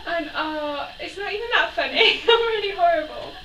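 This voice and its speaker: Speaking at normal speed in a very high-pitched, sharp voice with lively intonation, a young woman shares childhood memories in a casual vlog. Giggles punctuate her stories as she acts out quoted people. She's recorded far off in an echoey room, with faint noise.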